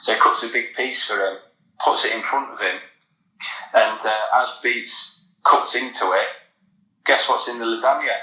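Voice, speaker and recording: A man's voice: medium pitch, normal speed, pauses often, pushed and bright, roomy sound, low-quality recording. An English man, a former footballer, telling a long anecdote in a casual podcast chat, with many fillers and restarts. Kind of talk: casual storytelling.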